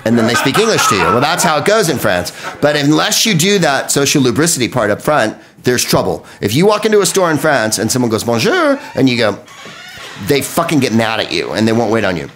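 An American man delivering a profane comedic monologue on a podcast, riffing with quick impressions. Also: medium pitch, sing-song, a bit bright. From United States.

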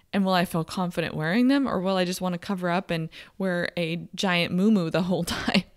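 A young woman hosting a podcast, talking openly and emotionally about a personal struggle, with halting restarts. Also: mid-range voice, no echo, clean studio sound. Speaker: podcast host and coach. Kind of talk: candid personal podcast monologue.

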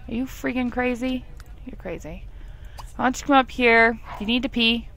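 A woman's voice: a little high, normal speed, gravelly, a bit bright, a little hiss or hum. A young woman giving casual, chatty commentary over a life-simulation game, laughing often and talking to the characters. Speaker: gameplay commentator. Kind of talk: casual let's play commentary.

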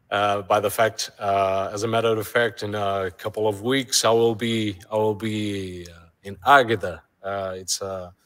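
A middle-aged man from Portugal with a Portuguese accent, a native Portuguese speaker chatting humbly as a guest musician in an interview, halting and searching for his words in English. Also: medium pitch, fairly bright tone. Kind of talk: casual podcast interview.

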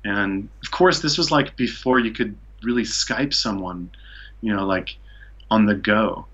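The recording is lo-fi: a man from Seattle, USA, speaking low and unhurried in a fairly bright tone. As a podcast guest he rambles through a long travel story in casual storytelling style, leaning on "like" and "you know."

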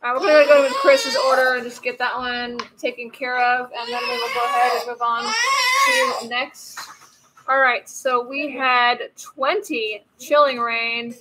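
A high-pitched woman runs a home card-opening stream in a chatty, apologetic way, pausing now and then to calm a baby. The recording carries loud steady background noise, with a baby crying nearby. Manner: chatty, apologetic, often breaks off to soothe a baby. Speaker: card-breaking stream host. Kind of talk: casual live card-opening chat.

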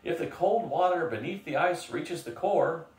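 A man's voice: on the high side, lively intonation, normal speed, a little mellow, pitched above the performer's own voice, lightly acted. An older man voicing a panicky small male schoolmaster who pleads out of breath. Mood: frantic. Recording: roomy, from a distance.

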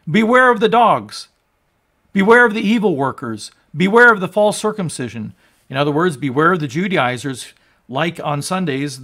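A man in his sixties, a pastor preaching, moving from quiet teaching to loud, fervent proclamation. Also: fairly high pitch. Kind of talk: sermon.

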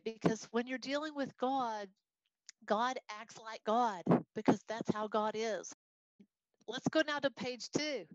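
A woman's voice: a little high, no room sound, muffled recording. A woman with a Texas accent teaching a Bible study lesson, walking through a worksheet and acting out voices when she quotes. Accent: Texan. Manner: expressive, acts out voices in quotes.

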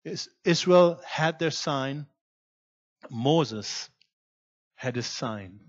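A man preaching a sermon as guest pastor in a church, swinging between loud emphatic lines and quiet low asides. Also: animated, drawn-out words, muffled recording. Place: church sanctuary.

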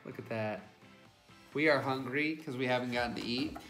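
A man's voice: mid-range voice, normal speed, fairly bright tone. Guy chatting thru a snack unboxing, reads the blurbs, roomy echo. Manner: reads product blurbs and fun facts aloud. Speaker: co-host. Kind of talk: casual snack unboxing chat. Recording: echoey room with music.

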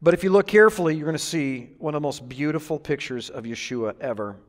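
A man's voice: a little high, quick pace. A man preaching a sermon to a congregation, joking with them and drawing amens and laughter. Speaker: pastor. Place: church hall with congregation. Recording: echoey hall reverb.

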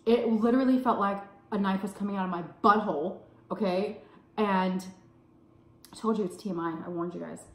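A woman in her thirties with a Texan accent, telling a story in casual vlog chat, animated and swearing freely. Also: a little fast, roomy sound. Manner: animated, swears freely, acts out quotes in a high voice. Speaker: food vlogger telling a story. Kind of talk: casual storytime while eating.

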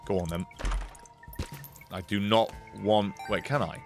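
A man giving casual live-stream commentary while he plays, excitable, swearing often and reacting loudly as he reads chat. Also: on the low side, unhurried, over music. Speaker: game streamer.

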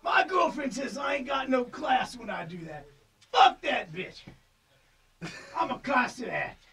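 A wild, boozy old preacher, hollering in a shrill, piercing voice that swoops up and down. He slurs and rambles like a drunk in an improvised comedy sketch, dragging out his words slowly. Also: sing-song, vocal fry, bright, forceful tone, recorded from a distance, exaggerated voice. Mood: rowdy drunk.

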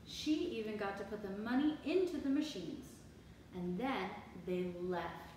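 A woman teacher reading a picture book aloud to children, animated and expressive with asides, heard from far off in an echoey room. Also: mid-range voice, a little slow, slight background noise.

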